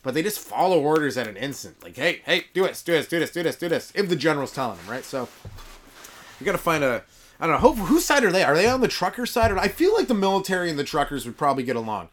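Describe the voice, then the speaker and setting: A man rambles through a comic podcast monologue and laughs at his own jokes. His voice sits a little high and swings widely up and down as he riffs. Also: sing-song, fast talker. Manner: joking, riffing, chuckles at own jokes. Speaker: stand-up comedian hosting a podcast. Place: very cold room kept warm with a wood fire.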